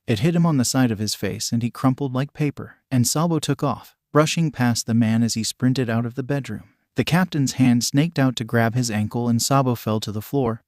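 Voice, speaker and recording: A man reading a fanfiction story aloud in steady, dramatic narration. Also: mid-range voice, no room sound, studio quality. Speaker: fanfiction reader.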